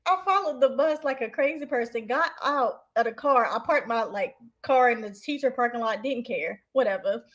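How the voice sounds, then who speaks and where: A woman's voice: a little high, moderate pace, few pauses. A woman from Delaware, co-hosting a casual chat and telling stories with plenty of laughter. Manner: laughs a lot, animated storytelling. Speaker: co-host.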